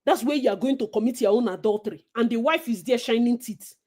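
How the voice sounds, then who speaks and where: A Nigerian woman co-hosting a casual gossip chat, animated and preachy, slipping into Pidgin. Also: fairly high pitch, fast. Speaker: co-host.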